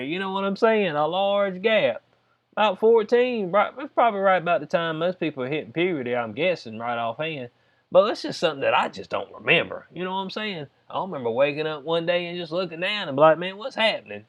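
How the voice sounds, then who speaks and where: Heard through lo-fi sound, this man's voice is fairly high and a bit bright. He's a vlogger with a Southern US accent commenting loosely on a news story, reading parts of it aloud and peppering in "you know what I'm saying."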